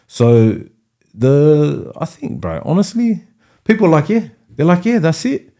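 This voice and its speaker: A young Australian man with a Sydney accent, telling stories on a podcast in a casual, animated way, acting out other people's voices with plenty of slang. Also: a little high, unhurried. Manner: animated storyteller, acts out voices, heavy slang and swearing. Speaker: podcast guest, DJ.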